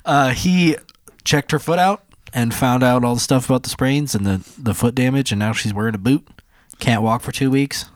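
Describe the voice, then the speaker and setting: A man co-hosting a podcast, chatting casually and telling stories with lively acted-out quotes. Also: normal speed, dry recording, clean studio sound. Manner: animated storyteller, acts out quotes in a high voice. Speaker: podcast co-host. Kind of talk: casual chat.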